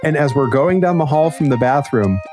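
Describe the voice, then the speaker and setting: A young man chatting casually on a gaming stream, telling a rambling anecdote with animated quoted voices. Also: a little high, a little fast, music in the background. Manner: rambling storyteller, animated quoting. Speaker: streamer co-host.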